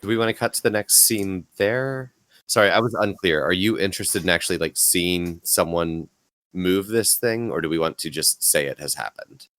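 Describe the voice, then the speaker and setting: A man running a tabletop game as game master, checking in with the players through quick clarifying questions. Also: deep voice, a bit bright, no echo.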